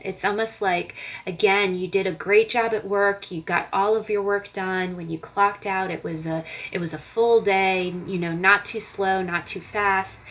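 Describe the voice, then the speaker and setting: A woman's voice: mid-range voice, fairly bright tone, low-quality recording. A woman giving a casual tarot reading straight to her viewers, rambling and conversational with lots of fillers and restarts. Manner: rambling and conversational, many fillers and repeated starts; speaks directly to viewers. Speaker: tarot card reader.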